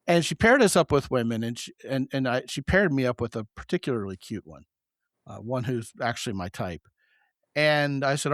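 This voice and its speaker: A man hosting a podcast, telling stories in a joking, animated way. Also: medium pitch, brisk, no echo, clean studio sound. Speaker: podcast host. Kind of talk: casual podcast conversation.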